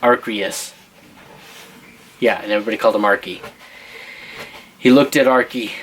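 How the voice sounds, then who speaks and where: A man's voice: on the low side, steady tone, moderate pace, long pauses, fairly bright tone, a little hiss or hum, poor audio. A father telling an improvised choose-your-path story, playful and teasing, asking his listeners for choices.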